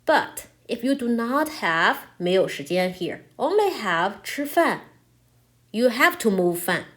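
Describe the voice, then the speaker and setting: Woman, native Chinese speaker, grammar teacher; slow, patient delivery with lively pitch swings. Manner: slow, patient explaining, checking in with "right?". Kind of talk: grammar lesson explaining in English with Chinese examples.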